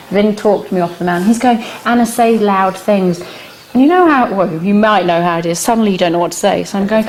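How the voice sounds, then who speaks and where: A lively middle-aged woman teaching an animal communication workshop tells her group a personal anecdote, full of laughter, with her pitch jumping high at the punchlines. The workshop room holds a small audience, and a little hiss or hum can be heard.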